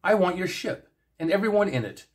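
A man's voice: sits high, animated, fairly quick, voice pushed up. A man voicing Trelane, a flamboyant and childish godlike male aristocrat, in a theatrical, sing-song and haughty manner, in a fan story reading. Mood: gleeful.

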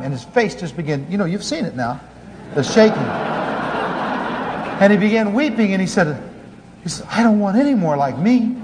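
Male pastor, high voice, earnest storytelling sermon with restarts, conference hall echo, faint hiss. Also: gravelly.

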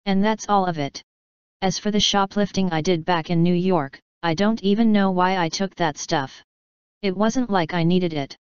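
A woman's voice: fairly low pitch, moderate pace, clean tone, no room sound, close to an everyday voice. A woman voicing a teenage girl who talks in an earnest, pleading way. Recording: dull dry audiobook recording.

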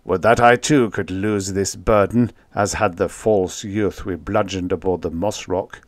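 A man voicing a huge, shelled male alien who speaks in a slow, formal, mournful way. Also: low-pitched, steady tone, dry recording. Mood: gloomy.

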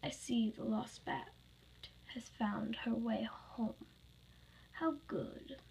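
A woman voicing a menacing male golden animatronic bear who hisses in whispers and yells. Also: a little high, slow, vocal fry, breathy edge, full character voice. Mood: whispered menace. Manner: hissing whispers, then yelling.

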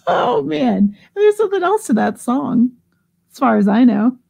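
Giggly husky woman hosting a live sale. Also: sits high, big pitch swings, moderate pace, dark tone. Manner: giggly, chatty, reads out bids. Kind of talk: casual live-stream auction chat.

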